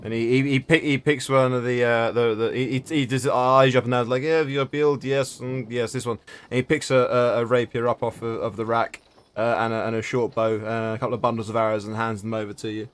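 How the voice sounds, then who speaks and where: A man's voice: mid-range voice, flat delivery, quick pace. A man narrating a tabletop game as game master, rambling with many restarts.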